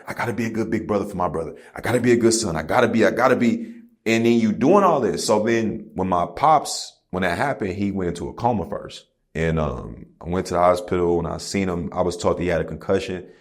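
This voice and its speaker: Deep-voiced man telling his story candidly. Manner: candid, profane storytelling with slang like "bro" and "you feel me". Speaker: podcast guest, rapper. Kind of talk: casual conversation.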